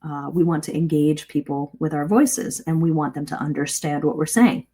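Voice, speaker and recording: A woman teaching English speaking in a live online lesson, lively and demonstrative, asking her listeners questions. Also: sits low, normal speed, slightly rough.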